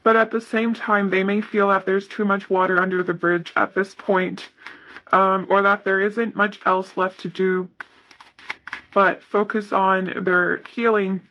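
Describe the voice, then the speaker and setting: Bright-voiced woman giving a tarot reading. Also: mid-range voice, level tone, measured pace, muffled recording, a little hiss or hum. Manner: soft, hesitant, reads card messages aloud with many fillers. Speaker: tarot reader.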